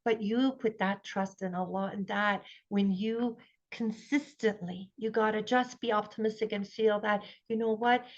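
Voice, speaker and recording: A woman's voice: mid-range voice, steady tone, moderate pace, muffled recording. A woman giving an earnest, encouraging parenting talk at a conference, often acting out the voices of the people she quotes. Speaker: parenting speaker.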